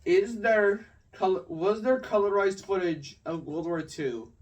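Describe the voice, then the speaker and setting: Teen boy, higher voice, rambling and exasperated school rant, mic a touch far away. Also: unhurried. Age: teens. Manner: exasperated, rambling, filler-heavy. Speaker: student vlogger. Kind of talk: casual storytelling rant. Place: home at night.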